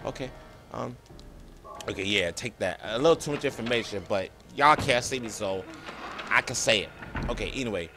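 A young man giving let's play commentary, excitable, talking to viewers as "y'all" and yelping and laughing at scares. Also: on the low side, moderate pace, pauses often, music in the background. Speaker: gaming streamer.

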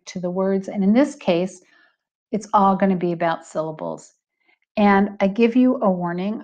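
A middle-aged woman speaks at a middle pitch as she narrates a recorded lesson. She explains patiently and clearly, slowing to stress each example. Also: a little mellow, highs cut off. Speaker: Hebrew teacher.

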